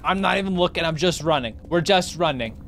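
A woman's voice: lowish voice, animated, a little fast, a bit bright, slight background noise. A young woman streaming a horror game, panicking, swearing and laughing as she plays.

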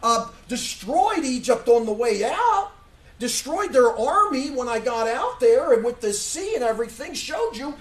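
A man voicing God, exasperated with his ungrateful people, with indignant, raised-pitch complaining. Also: sing-song, measured pace, exaggerated voice. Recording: echoey church room from far off.

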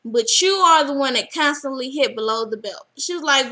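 A young woman casually recapping a reality TV episode, animated and acting out what people said. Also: high-pitched, fairly quick, few pauses, background noise. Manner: animated, acts out quotes.

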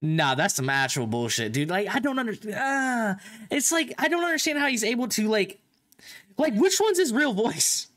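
Male reactor, lively high-ish voice, profane, easily excited. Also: normal speed, soft background music. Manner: excitable, swears a lot, laughs often. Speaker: reaction video host. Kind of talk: casual reaction commentary.

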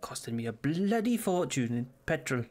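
A man's voice: medium pitch, very animated, normal speed, darkish tone, faint music behind, natural voice. A man voicing a put-upon Welsh man who drives a lot, complaining in a Welsh accent. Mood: grumbling.

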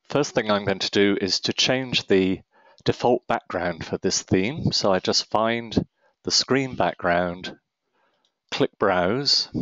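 A man narrating a screen-recorded software tutorial, giving calm step-by-step instructions. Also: on the low side, no room sound. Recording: dry, slightly dull close-mic voice-over.

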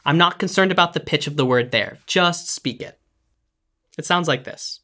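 A vocal coach giving calm, clear, step-by-step instructions in a scripted singing lesson. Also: medium pitch, moderate pace.

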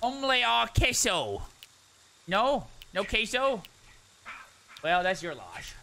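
A man's voice: sits high, huge pitch swings, slow, creaky. A man from Texas clowning around in game voice chat, theatrical and silly, hopping between put-on voices. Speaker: game player. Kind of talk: goofy in-game voice chat role-play.

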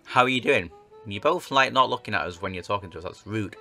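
A man's voice: lowish voice, expressive, fast talker, creaky, pushed and bright, soft background music. A young man hosting a casual let's-play, chatting and joking about himself as he plays a game. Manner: chatty, self-mocking, reads on-screen game text aloud. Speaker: gaming video host.

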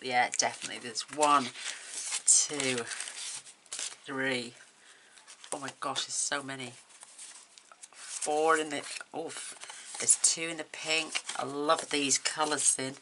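A woman's voice: extremely low pitch, noisy background. A woman vlogger chatting to camera as she opens craft gifts, gushing and emotional, tearful at times. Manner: gushing and emotional, exclaiming over each item. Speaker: crafting vlogger opening happy mail. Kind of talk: casual chat to camera.

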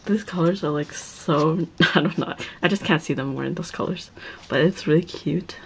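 A young woman, her voice a little low for a woman, chats through an excited, casual unboxing at a moderate pace. She gushes constantly, keeps repeating "oh my god," and sometimes drops into a breathy whisper. The recording is low quality, with a faint hiss underneath.

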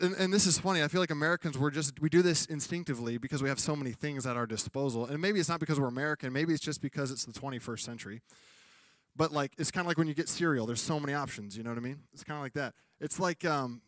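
A man's voice: fairly high pitch, no room sound, clean studio sound. A man preaching a sermon as pastor in a church, talking conversationally and acting out funny exchanges. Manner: conversational preaching with comic acted-out quotes.

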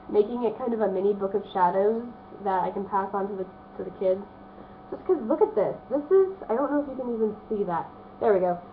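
Stuffy-nosed woman rambling on about her books, lots of ums, tinny phone-like sound with a faint hiss. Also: mid-range voice. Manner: rambling, chatty, with many fillers. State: congested, stuffy nose. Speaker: vlogger showing a book haul. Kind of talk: casual chat.

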